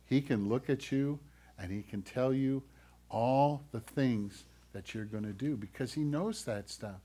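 A man giving a children's sermon as pastor, gentle and playful as he talks to the kids. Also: mid-range voice, unhurried.

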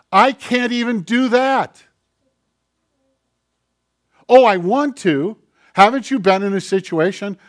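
Animated higher-voiced male preacher. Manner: animated, acts out quoted voices, conversational asides to the congregation. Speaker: pastor. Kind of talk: sermon.

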